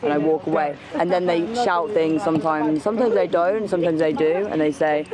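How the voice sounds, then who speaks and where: A woman's voice: sits low, steady tone, fairly quick. British woman talking outside, emphatic, repeats stuff, crowd chatter all around. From United Kingdom. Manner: emphatic, repeats herself for stress. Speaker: interviewee. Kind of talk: street interview. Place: busy city street outdoors. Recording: outdoor street crowd noise.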